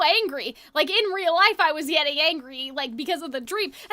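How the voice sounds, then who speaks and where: A young woman streamer telling a long story in casual chat, rambling and animated with many fillers. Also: very high voice, a little fast, few pauses.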